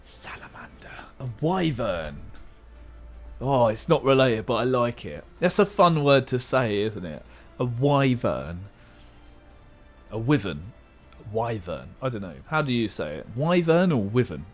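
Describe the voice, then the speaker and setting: Faint music sits behind this young livestream host's sing-song, mid-range voice as he plays a word game. Moving at a moderate pace with hardly any pauses, he mutters guesses and tosses out playful jabs at himself.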